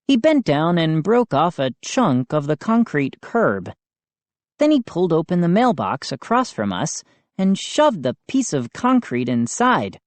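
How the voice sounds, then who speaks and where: A woman reading a first-person children's novel as an audiobook narrator, measured and expressive. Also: deep voice, no room sound.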